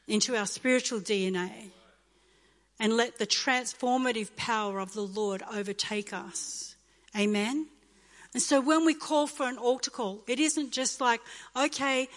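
A woman pastor preaching a fervent sermon, reading scripture slowly and emphatically. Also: on the high side. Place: church hall. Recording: live church recording with long reverb and loud music. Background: worship music.

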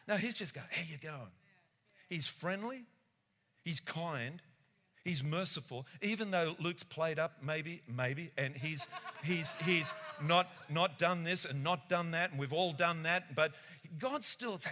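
Animated male preacher in a hall. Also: a little high, a little slow. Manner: animated, acts out voices, laughs often. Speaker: pastor. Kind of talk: sermon. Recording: echoey hall.

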